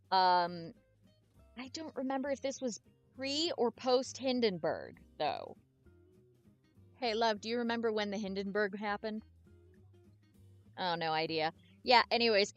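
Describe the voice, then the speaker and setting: A chatty woman gives excitable commentary while playing through a story game, her pitch bouncing up and down. She reads snatches of text aloud as she plays. Faint music sits under her voice. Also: no echo. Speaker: gamer streamer.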